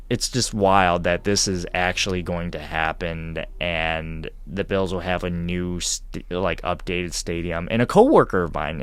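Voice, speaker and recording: A lower-voiced man hosting a casual podcast, talking close to the mic in a dry, dead room. He rambles animatedly through his stories and often restarts his sentences. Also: clear, resonant tone, dry recording. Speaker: podcast host. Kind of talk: casual chat.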